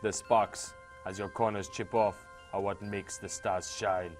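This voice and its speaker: A man voicing a calm old male spirit bird with a put-on Jamaican accent, speaking slowly and softly. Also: fairly low pitch, soft background music, voice pushed down, close to an everyday voice. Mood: solemn.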